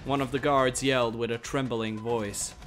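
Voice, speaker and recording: A man reading a fantasy story aloud in a measured, steady storytelling voice. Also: mid-range voice, soft background music. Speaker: narrator. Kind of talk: dramatic audiobook narration.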